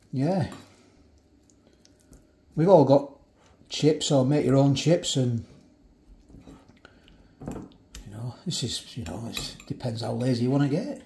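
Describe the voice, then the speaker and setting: A man's voice: mid-range voice, a little slow, pauses often, mellow, slight background noise. A man casually reviewing food for his vlog, chatty, often restarting and eating while he talks. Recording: echoey room from a distance.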